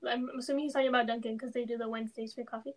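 A young woman with a quite high voice chats on a podcast. She speaks softly and casually, with a lot of "like" and "dude". It sounds like a relaxed talk among friends. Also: rapid-fire. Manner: soft-spoken, fillers like "like" and "dude". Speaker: podcast co-host. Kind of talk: casual chat.

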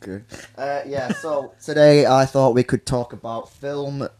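A man's voice: medium pitch, steady tone, a little slow, darkish tone. A man co-hosting a casual podcast, making dry teasing jokes. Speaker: podcast co-host.

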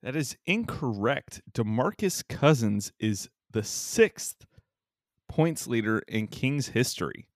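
A man's voice: medium pitch, sing-song, takes it slowly, no room sound, clean studio sound. A man co-hosting a casual sports podcast, teasing and laughing often as he talks. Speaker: podcast co-host.

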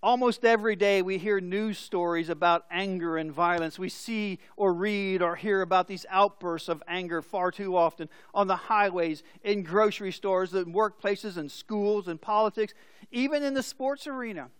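A man's voice: sits high, normal speed, fairly bright tone, clean tone, dry recording. A male pastor preaching a sermon, explaining scripture and telling stories with acted-out voices.

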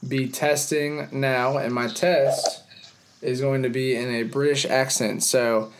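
A man's voice: mid-range voice, fairly even intonation, slow pace, background noise. A young man hosting a casual fantasy league podcast, talking in hyped, rambling bursts. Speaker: podcast host.

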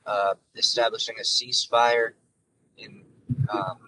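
A man's voice: mid-range voice, fairly even intonation, a little slow, bright, forceful tone, slight background noise, rough recording. A man hosting a casual solo podcast from his car, talking in an offhand, rambling way through his phone. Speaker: podcast host. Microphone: phone through car system.

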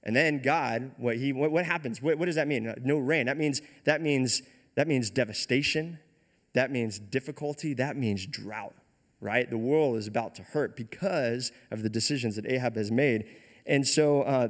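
A man preaching a casual retelling sermon, conversational and often checking in with "right?". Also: mid-range voice. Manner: conversational, keeps asking "right?". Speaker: pastor.

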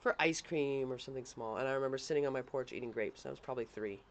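A woman's voice: very deep voice, quick pace. A woman co-hosting a casual chat, telling family stories bluntly and swearing freely. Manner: blunt, swears freely, laughs mid-story. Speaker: podcast co-host and parent.

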